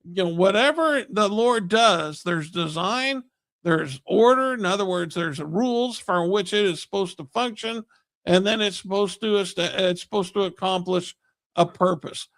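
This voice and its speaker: Slow, emphatic high-voiced preacher. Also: male voice, a bit bright, dry recording. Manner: slow, emphatic, rhetorical questions. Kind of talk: recorded Bible lesson. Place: Kearney, Missouri area church.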